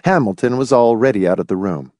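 A man narrating an audiobook with a measured, expressive reading. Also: medium pitch, dry recording, clean studio sound.

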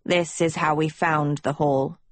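A woman voicing a proud, guarded teenage villain girl in an audiobook, with a low, quiet, measured delivery. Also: no echo. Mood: tearful. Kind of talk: audiobook character voice.

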